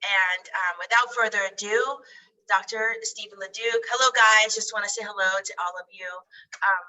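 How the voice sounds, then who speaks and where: Host: woman with a cold, nasal and stuffy, bright piercing voice, set back from the mic. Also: medium pitch, fairly even intonation, far from the mic, rough recording. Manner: halting, repeats words. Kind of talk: interview.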